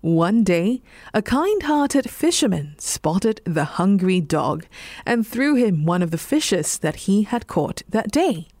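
Singaporean English woman, bedtime narrator, unhurried and very expressive, dry close mic. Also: mid-range voice, dry recording. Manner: slow, soothing, lively intonation. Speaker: storyteller.

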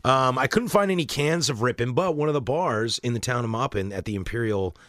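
A man co-hosting a podcast, chatting casually with quick interjections and stories of his own trips. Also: medium pitch, a bit bright, no echo. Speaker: podcast co-host. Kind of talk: casual chat about beer.

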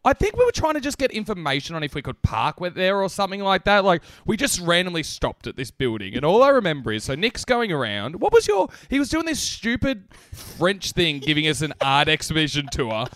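Lively high-voiced guy. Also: brisk, no room sound. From Australia. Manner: animated, laughs often, swearing. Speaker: podcast co-host. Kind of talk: casual storytelling chat.

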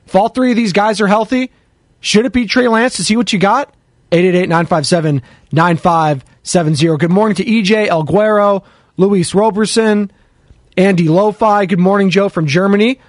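High-voiced chatty sports show host, man. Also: moderate pace, no room sound, studio quality. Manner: chatty, jokey, shouts out listeners. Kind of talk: casual sports radio chat, taking calls and chat.

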